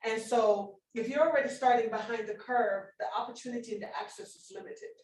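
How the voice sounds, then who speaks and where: A woman's voice: fairly high pitch, fairly even intonation, brisk, darkish tone. A woman speaking as a publisher on a panel, earnest and often adding "you know" and "right?". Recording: roomy, distant audio.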